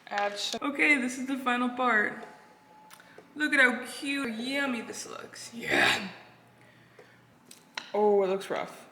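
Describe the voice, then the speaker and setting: A woman's voice: a little high, measured pace, background noise. A woman chatting to her viewers as she cooks, chatty and self-deprecating. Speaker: vlogger. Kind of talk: casual vlog chat while cooking. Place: home kitchen. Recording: echoey kitchen with clattering dishes.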